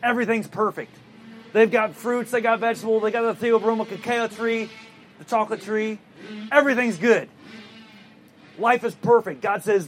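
A male pastor preaching in a relaxed storytelling manner and asking rhetorical questions. His voice sits high for a man. A faint hum runs underneath. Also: normal speed, pauses often. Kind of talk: sermon.

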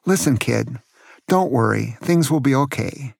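A man's voice: mid-range voice, lively intonation, measured pace, gravelly, darkish tone, husky, no room sound, clean studio sound, heavily acted. An older man voicing a blunt, barking middle-aged newspaper truck driver in a storybook tale. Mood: gruff kindly.

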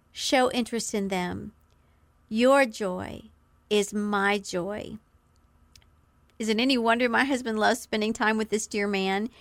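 A middle-aged woman hosting a podcast, giving an earnest devotional teaching talk and slowing down to stress key phrases. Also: on the high side, no room sound. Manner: earnest, warm encouragement with slow emphatic quotes. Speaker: podcast host.

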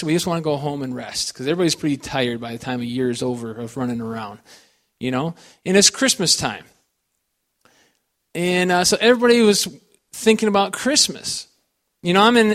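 A man's voice: on the high side, fairly bright tone. A man telling personal stories as a guest speaker, rambling and folksy, full of "you know" and restarts. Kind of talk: personal testimony storytelling.

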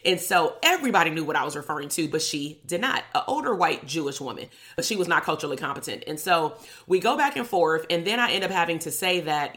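A woman's voice: low voice, expressive, quick pace, a bit bright. A young woman, a clinical psychologist, telling a personal story to her online audience in a casual, sarcastic way, swearing and laughing as she goes. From Compton, Los Angeles.

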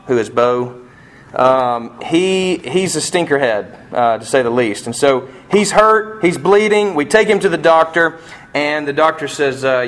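A man preaching a sermon as a pastor, telling a personal story with passion and swinging between hushed and near-shouting delivery. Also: medium pitch.

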